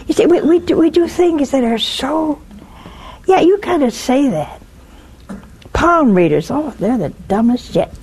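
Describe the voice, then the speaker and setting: A woman, a nun hosting a religious call-in show, preaching emphatically with chuckles and sudden hushed tones. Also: high voice, very animated, measured pace. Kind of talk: preaching and taking calls.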